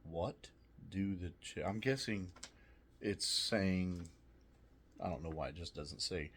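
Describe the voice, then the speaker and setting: A man's voice: fairly low pitch, slightly rough. A man casually reviewing snacks, reading trivia aloud with jokey asides, swearing and laughing often.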